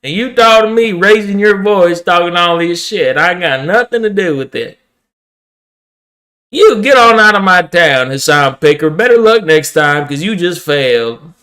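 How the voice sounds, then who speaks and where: A man voicing a stubborn, drawling rural working-class man who talks slowly and dismissively. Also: high-pitched, lively intonation, bright, forceful tone, voice pushed down. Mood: scoffing, stubborn. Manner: folksy dismissive drawl, slow.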